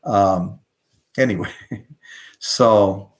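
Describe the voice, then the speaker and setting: A man's voice: on the low side, drawn-out words. An older man hosting a live show, chatting casually, telling rambling stories and reading out viewer comments. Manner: rambling storyteller, drifts off topic. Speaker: host of a live music show.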